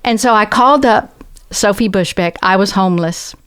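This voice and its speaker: A guest, a woman from the American South with a Southern accent, tells a personal story in a conversational way. Her medium-pitched voice is smooth and moves at a normal speed. She comes across as earnest and reflective, animating the tale with quoted voices.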